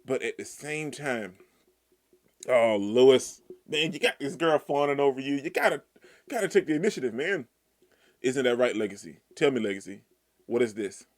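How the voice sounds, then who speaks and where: A man reading a manga aloud and reacting in excited, slangy outbursts. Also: medium pitch, moderate pace.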